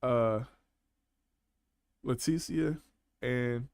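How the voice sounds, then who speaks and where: A man's voice: mid-range voice, a little slow, pauses often, dry recording. A man hosting a casual live panel chat, laughing often and talking in loose, slangy banter. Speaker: panel host.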